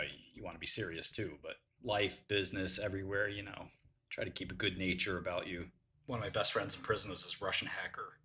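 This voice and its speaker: A man's voice: low-pitched, bright, forceful tone. A man casually telling prison anecdotes, acting out quotes and laughing at his own jokes. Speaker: podcast host telling prison stories.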